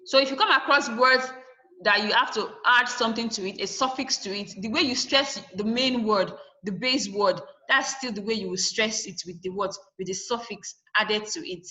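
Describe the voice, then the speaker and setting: A woman's voice: mid-range voice, normal speed, sharp tone, poor audio. A woman teaching a lesson over a video call. She asks questions and then answers them herself, and she repeats the key points to stress them. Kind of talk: online class lesson.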